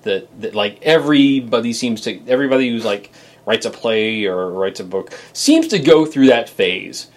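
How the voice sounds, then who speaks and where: A man's voice: lowish voice, lively intonation. A man co-hosting a podcast in casual chat, often restarting and trailing off into fillers. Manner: halting, many restarts and fillers. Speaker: podcast co-host.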